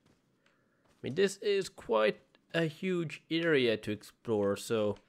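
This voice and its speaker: A man's voice: fairly high pitch, very animated, takes it slowly, vocal fry. A man hosting a gaming channel, giving casual, self-mocking commentary while playing a horror game at home. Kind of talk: let's play commentary. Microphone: desk mic with webcam.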